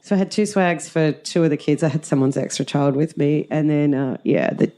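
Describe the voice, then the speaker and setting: This is a middle-aged woman, chatting as a guest. Her voice sits low and mellow. She tells stories in an animated way, laughing often and acting out what people said. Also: a little fast. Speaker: guest, drama teacher. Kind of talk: casual storytelling chat.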